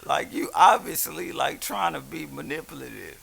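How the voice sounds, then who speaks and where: A man's voice: a little high, moderate pace, creaky. A young man, telling stories in casual podcast chat and acting out what people said. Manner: animated storyteller, acts out quotes, swears freely. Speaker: podcast co-host. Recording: faint hiss.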